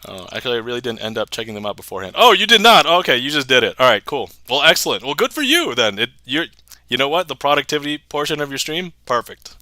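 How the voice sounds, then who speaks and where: A man's voice: medium pitch, quick pace, sharp tone, no room sound. A young man hosting a casual livestream, chatting with viewers, laughing often and replying to chat. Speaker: magic livestreamer.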